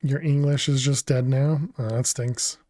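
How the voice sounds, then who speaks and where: A man's voice: medium pitch, no echo, studio quality. A man streaming a video game, chatting casually as he thinks aloud and answers his chat, often laughing. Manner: laughs often, relaxed and unhurried. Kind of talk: casual gaming livestream commentary.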